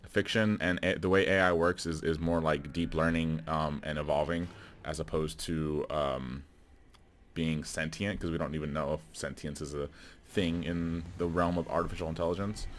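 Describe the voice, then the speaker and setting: A man's voice: very deep voice, steady tone, normal speed. A man talking casually to camera about a film, rambling with many fillers and restarts and chuckling between remarks. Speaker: video creator. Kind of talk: casual movie commentary.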